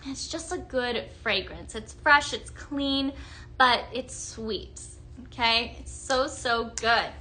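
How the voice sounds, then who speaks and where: A woman's voice: on the high side, takes it slowly, bright, forceful tone. A young woman hosting a live sales demonstration, gushing and chatting with viewers as she shows products. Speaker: home fragrance product presenter.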